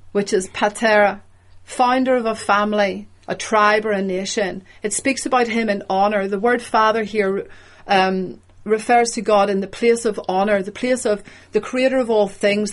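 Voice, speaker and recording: Delivering a sermon at a medium pitch, a woman speaks in a measured, emphatic way and stops to unpack the meaning of words along the way.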